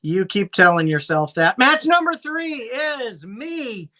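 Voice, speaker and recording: A man's voice: very high voice, sing-song, slow pace, bright, forceful tone. A man co-hosting a casual fantasy sports podcast, recapping matchups in a dry, teasing announcer manner. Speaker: podcast co-host.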